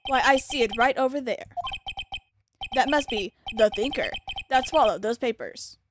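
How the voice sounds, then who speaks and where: A woman voicing a suave, menacing rich villain in a flat monotone, reading game dialogue aloud. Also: a little high, moderate pace, noisy background, close to an everyday voice.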